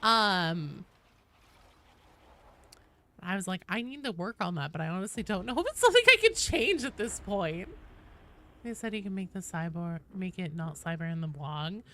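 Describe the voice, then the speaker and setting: A young woman with a bright, forward, nasal voice, chatting casually with her stream audience. Her pitch swings widely as she reads chat and reacts between rounds. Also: very animated, fairly quick.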